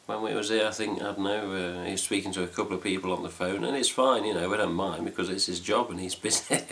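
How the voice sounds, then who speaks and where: A middle-aged man with an English accent talks casually to camera from his home, hosting a fan news update. His voice sits very low. He rambles and drops mild swear words throughout. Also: steady tone, fast talker, a bit bright. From England. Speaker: fan site host. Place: home room with cats.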